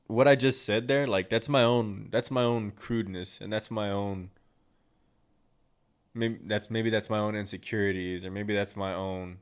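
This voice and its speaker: A young man hosting his own podcast, telling a personal story in a blunt, crude, rambling way with plenty of swearing. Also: on the low side. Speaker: podcast host.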